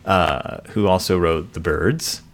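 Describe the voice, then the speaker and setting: A man's voice: deep voice, slow pace. A man hosting a casual movie-review chat with his kid, rambling and joking with lots of fillers. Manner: rambling, jokey, many fillers. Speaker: podcast host, father.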